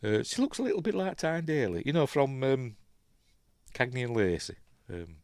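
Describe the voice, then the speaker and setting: A man with a Yorkshire accent hosting a casual watch-along film review, chatty and rambling, full of ums and quick self-corrections. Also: medium pitch, big pitch swings, darkish tone, dry recording, studio quality. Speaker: film reviewer, channel host.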